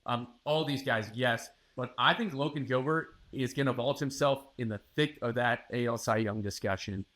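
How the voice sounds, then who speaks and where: Guy breaking down the team's pitching, confident and emphatic, normal mid voice. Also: moderate pace, a bit bright. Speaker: sportswriter guest. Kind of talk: interview analysis.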